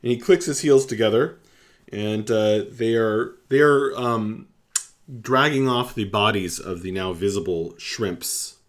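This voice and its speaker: Male game master, low voice, slow narration with plenty of fillers.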